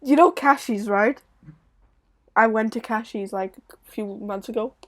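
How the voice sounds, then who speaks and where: A high-voiced young British woman chatting. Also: a little slow. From Britain. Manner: chatty, laughs easily, loose and rambling. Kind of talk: casual chat.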